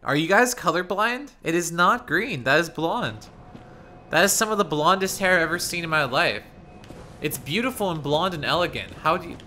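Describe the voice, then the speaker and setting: A man's voice: fairly high pitch, expressive, normal speed, bright, forceful tone, slight background noise. A man streaming a game live, casually chatting and teasing his chat. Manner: playful, teasing, reads chat aloud.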